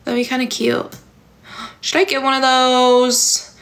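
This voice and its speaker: Young woman, slightly high voice, casual rambling livestream host. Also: monotone, unhurried, fairly bright tone. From California. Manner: rambling and filler-heavy, many "like" and "um". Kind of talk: casual livestream chat, reading viewer comments.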